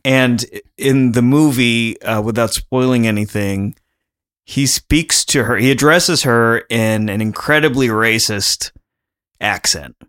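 A man in casual podcast chat, mid-pitched and easygoing. He rambles, restarts his sentences and breaks into laughter as he talks. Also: takes it slowly, a bit bright. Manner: chatty, rambling, laughs often. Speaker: podcast co-host.

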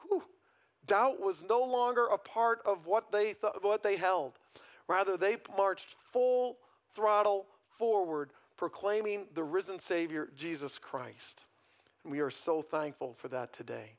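A man with a rather high voice delivers a morning sermon in a conversational, questioning way. He leans on tag questions and lets his voice swell and then fall to a hush to drive home a point. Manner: conversational preaching, frequent "right?" tag questions. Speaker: pastor.

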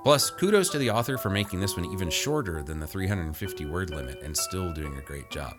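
A man's voice: sits low, expressive, a little fast, music in the background. A man hosting a story podcast, introducing each story in a chatty, informal way. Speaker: podcast host.

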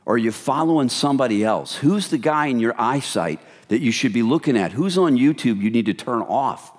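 A man preaching an animated sermon, his voice sitting in the middle of the male range. He slips into hushed asides to act out everyday gossip. The sound carries a long hall reverb. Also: medium pitch, fairly quick, breathy edge. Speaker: pastor.

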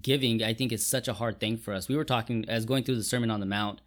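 A man's voice: medium pitch, fairly even intonation, fast talker, fairly bright tone. A man co-hosting a casual faith discussion, talking thoughtfully and often restarting his sentences. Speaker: co-host.

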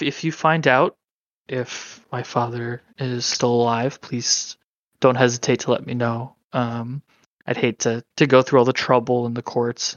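A man's voice: mid-range voice, no room sound, highs cut off, natural voice. A man voicing a guarded, grieving daughter. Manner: hesitant, repeats words, soft-spoken.

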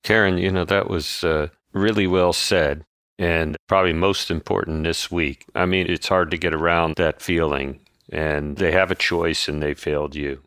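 A man's voice: low-pitched, fairly even intonation, moderate pace, fairly bright tone, smooth, dry recording, clean studio sound. A man co-hosting a podcast, offering affirming, conversational remarks.

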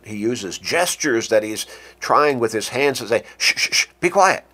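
A man teaching a lesson on communication, speaking slowly and deliberately, with pauses and restarts. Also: on the low side, a bit bright. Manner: acts out short spoken examples. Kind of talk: lecture on communication.

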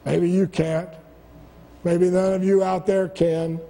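A man's voice: sits high, level tone, takes it slowly, gravelly, dark tone. A male pastor preaching a sermon, stacking rhetorical questions and stumbling over restarts. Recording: long church-hall reverb.

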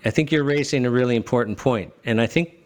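A man's voice: medium pitch, no echo. Earnest man with a dry close sound. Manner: earnest, emotional, halting with restarts. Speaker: lawyer, guest. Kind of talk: casual interview talk.

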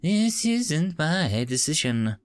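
A man voicing an alien prisoner speaking through a translator device in a flat, clipped, halting way. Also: on the high side, dry recording, voice pushed up. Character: slow monotone alien translator voice.

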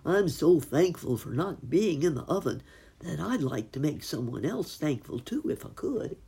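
A woman doing an excitable turkey gentleman who gobbles out his thanks, his voice leaping high and lively. A gravelly, husky edge runs under the storybook voice. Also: moderate pace, full character voice. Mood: eager.

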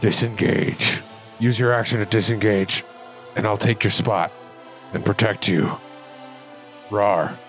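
A man's voice: fairly low pitch, steady tone, takes it slowly, long pauses, fairly bright tone, soft background music. A man voicing a bear druid who speaks telepathically, giving short protective commands and ending with a growl.

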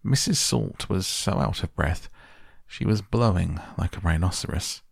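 A man narrating a children's audiobook in a measured, expressive reading voice. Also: sits low, vocal fry, husky, no echo, clean studio sound.

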